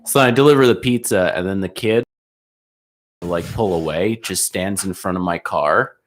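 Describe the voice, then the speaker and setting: A young man co-hosting a casual podcast chat, telling lively stories with acted-out quotes and frequent laughs. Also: low-pitched, moderate pace. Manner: animated, acts out quotes, laughs often. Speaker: podcast co-host.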